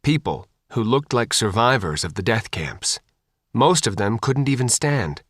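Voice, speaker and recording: A man narrating an audiobook in an expressive, animated reading. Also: mid-range voice, a little slow, no room sound, clean studio sound.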